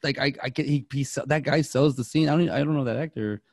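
A man co-hosting a movie podcast, chatting casually in a rambling, excitable way with many restarts. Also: mid-range voice, quick pace, gravelly, no echo, studio quality. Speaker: podcast co-host.

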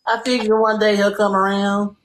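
A woman's voice: mid-range voice, flat delivery, moderate pace. A woman from Louisiana with a Southern accent, hosting a livestream and talking bluntly and crudely with strangers. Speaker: livestream host chatting with strangers. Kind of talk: brash comedic video chat. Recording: echoey room, faint background noise.

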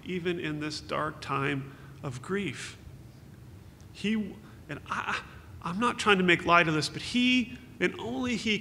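In an echoing hall with a faint hum in the background, a pastor gives a heartfelt, comforting memorial sermon that quotes scripture. His voice is high, pushed, and bright.

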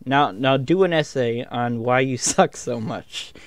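A man's voice: mid-range voice, unhurried. A man gaming with friends, playing a scolding parent in a joking way, stammering and laughing. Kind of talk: casual gaming banter.

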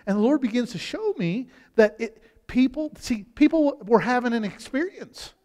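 A man pastor preaching in a church, his high voice leaping up and down in pitch. He talks in a loose, conversational way, restarting phrases and dropping from loud to hushed. The hall rings with a long reverb. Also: lively intonation, normal speed. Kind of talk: sermon. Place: church sanctuary.

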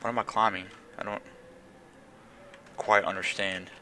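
A man's voice: fairly low pitch, level tone, measured pace, bright, forceful tone, slight background noise. Jittery young man swearing through a horror game. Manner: jittery, swearing, jumpy slangy chatter. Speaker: gaming channel host.

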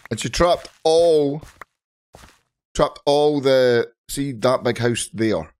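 A Scottish man with a hoarse, groggy voice, chatting casually to viewers while playing Minecraft on his channel. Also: mid-range voice, slow pace, darkish tone. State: hoarse from shouting. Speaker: gaming channel host. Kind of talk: casual Minecraft let's play commentary.

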